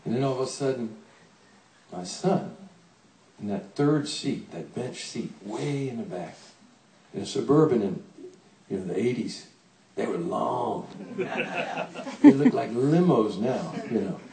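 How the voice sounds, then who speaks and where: An older man, a songwriter, telling a comic story on stage in a folksy, animated way, playing out the people he quotes, to a laughing audience. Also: medium pitch, unhurried, pauses often, echoey room, distant mic, a little hiss or hum, low-quality recording.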